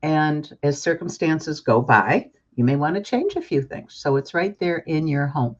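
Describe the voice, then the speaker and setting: A woman's voice: low voice, animated, unhurried, dull audio. An older woman, a book author, speaking as a guest in a talk-show interview in an earnest, emphatic and openly emotional way.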